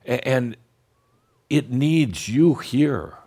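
A man giving a channeled spiritual talk to an audience, blunt and teasing, slowing down to guide deep breaths. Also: mellow, breathy edge. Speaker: spiritual teacher channeling a master.

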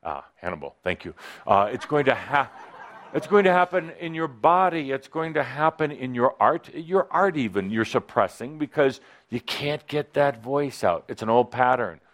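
A man's voice: medium pitch, lively intonation, normal speed, a bit bright. A man leading a live workshop for an audience, speaking into a microphone in a playful, teasing, coaching way. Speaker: workshop leader. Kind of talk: live seminar talk to an audience. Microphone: handheld or clip-on microphone.

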